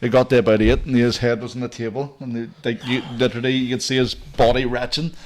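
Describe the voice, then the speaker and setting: A man co-hosting a casual podcast chat. He talks quickly and reels off stories with lots of swearing and laughter. His pitch sits in the middle range. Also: level tone, slight background noise. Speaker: podcast co-host.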